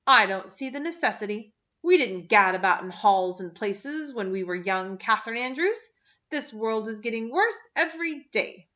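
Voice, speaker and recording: A woman's voice: fairly high pitch, lively intonation, moderate pace, bright, forceful tone, lo-fi sound. A woman reading the part of a sour, gloomy woman of fifty-seven who talks in a scornful, clipped way.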